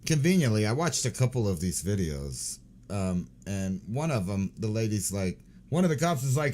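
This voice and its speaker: A man's voice: on the low side, big pitch swings, moderate pace, darkish tone. A man in his forties hosting a show, giving crude, sarcastic, rambling commentary on news clips and swearing often. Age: 40s. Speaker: host.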